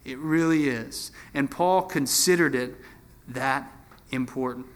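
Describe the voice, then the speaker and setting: A man's voice: medium pitch, slow pace. A man, a pastor, preaching a sermon in a conversational, folksy way with frequent fillers.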